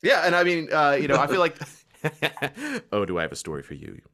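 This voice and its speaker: A man's voice: on the high side, fairly quick. A man in his twenties from Kentucky with a slight country accent, co-hosting a podcast and telling stories in a casual chat, laughing often. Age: 20s. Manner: animated storytelling, laughs often. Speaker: podcast co-host.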